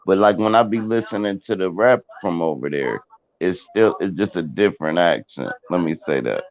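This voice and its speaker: A man's voice: low-pitched, animated, moderate pace, muffled recording. A man chatting casually on a live stream, laid-back and slangy, swearing as he talks.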